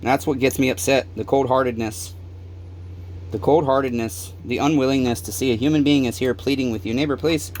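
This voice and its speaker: Here a man who owns a small-engine repair shop vents at the camera, cursing frequently, pleading, and going over the same points again and again. His mid-range voice has a darkish tone and fairly even intonation, moving a little fast over slight background noise.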